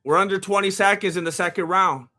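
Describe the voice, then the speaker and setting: Hyped guy doing live fight commentary, high bright voice, rambles and yells. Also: fast. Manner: excitable, rambling, many restarts, bursts of shouting. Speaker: live fight watch-along host.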